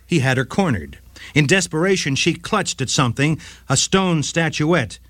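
A man's voice: on the high side, moderate pace, dry recording. A man hosting a short legal radio segment, reading a scripted case story with dramatic flair. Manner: dramatic, lively storytelling read.

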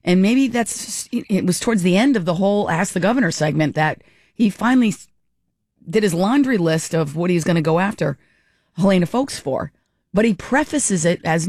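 A woman hosting a morning talk radio show, chatting in an animated way and acting out little dialogues. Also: medium pitch, brisk, no room sound, studio quality. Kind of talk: casual talk radio commentary. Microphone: studio microphone.

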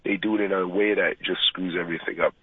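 A man's voice: low voice, steady tone, fast talker, slightly rough, dry recording. A man calling into a radio show, rambling casually, his voice a bit off, over a tinny phone line. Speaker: caller. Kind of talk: phone-in chat.

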